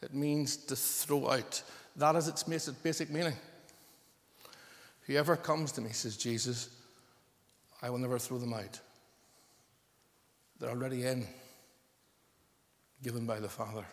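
Male preacher, mid-pitched, emphatic and repetitive, echoing church hall. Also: steady tone, a little slow, long pauses. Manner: emphatic, repeating phrases for stress. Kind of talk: sermon. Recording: long reverb of a large hall.

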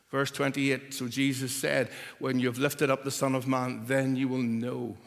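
A man preaching a sermon, emphatic and building to forceful repeated declarations. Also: mid-range voice, level tone, a little slow, creaky, hardly any pauses, in a large hall.

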